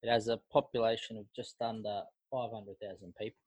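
A man's voice: on the low side, steady tone, brisk, a little mellow, breathy edge, no room sound. A man co-hosting a podcast in casual, blunt, slangy banter. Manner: laid-back, blunt, slangy. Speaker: podcast co-host.

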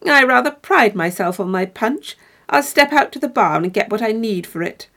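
Woman doing dapper gentleman storyteller, calm, grave, sly and dry, middling pitch, read-aloud story. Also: normal speed. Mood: polite, sly. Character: dapper, composed man telling a ghost story.

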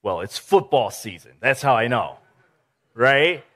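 Male pastor, sermon; slow-paced, conversational, lively storyteller. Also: mid-range voice. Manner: animated, conversational, acts out scenes.

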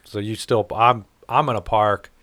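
A man's voice: on the low side, fairly even intonation, normal speed, fairly bright tone, no echo. A man from the St. Louis area talking bluntly in a casual podcast chat, swearing and laughing often. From St. Louis area, United States.

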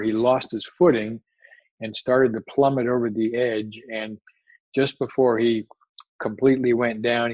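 A man giving a spiritual talk as a meditation teacher, telling a story in a relaxed way and trailing off softly. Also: medium pitch, dry recording, highs cut off.

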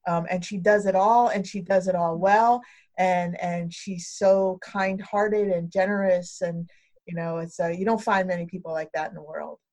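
A woman's voice: medium pitch, darkish tone. A woman hosting a casual chat and asking her guests questions, with many fillers. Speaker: host.

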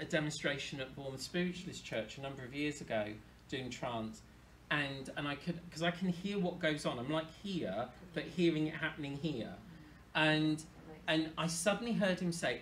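A man, a medium talking casually to an audience, chatty and animated. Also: fairly high pitch, a little hiss or hum. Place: hall with an audience.

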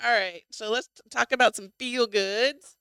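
Middle-aged woman, chatty co-host, smooth bright tone, close dry mic. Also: fairly high pitch, fairly even intonation, normal speed, dry recording. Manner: chatty, swears freely, many ums. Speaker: podcast co-host. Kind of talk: casual chat.

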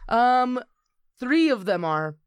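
A woman's voice: fairly high pitch, slow, clean tone, no echo, studio quality. A woman in her late twenties telling swear-laden stories in a casual podcast chat. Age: 20s. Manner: animated storyteller, swears freely. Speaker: podcast co-host.

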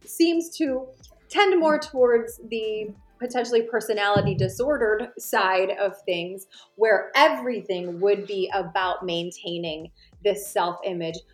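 Thoughtful woman in an echoey room. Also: mid-range voice. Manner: thoughtful, measured, reflective analysis. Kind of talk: casual conversation.

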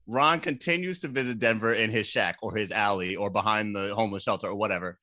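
A man casually recapping a movie for a comedy podcast, animated and laughing, with sudden high-pitched outbursts. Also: fast talker, hardly any pauses, dry recording, studio quality.

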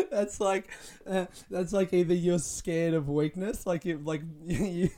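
A man's voice: high voice, fairly even intonation, a little slow, mellow. A young man hosting a casual solo podcast, rambling with frequent swearing and laughing at his own jokes. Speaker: podcast host.

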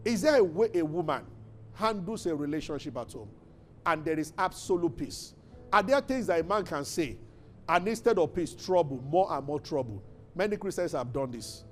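A man's voice: a little high, lively intonation, brisk, a little mellow, slight background noise. A man preaching a fervent sermon as pastor, building to emphatic declarations.

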